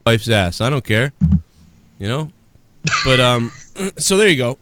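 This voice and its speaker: A man's voice: medium pitch, sing-song, unhurried, noisy background. A man hosting a podcast in casual chat, rambling and profane, with frequent restarts. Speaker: podcast host.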